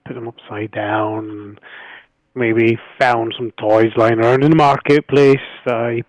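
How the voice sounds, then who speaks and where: Offhand tabletop player. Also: male voice, mid-range voice, level tone, unhurried, no echo, rough recording. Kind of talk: casual tabletop game chat.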